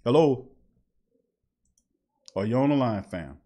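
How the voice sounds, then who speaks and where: A man's voice: mid-range voice, animated, takes it slowly, mellow. A man hosting a live call-in sports talk show, talking in a heated, emphatic way and repeating his points.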